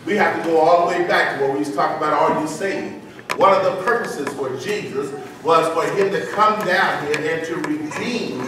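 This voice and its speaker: A man's voice: fairly high pitch, noisy background. A male pastor preaching a sermon, leading the congregation in call-and-response and drawing out sung phrases. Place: church sanctuary. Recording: echoey church from far off.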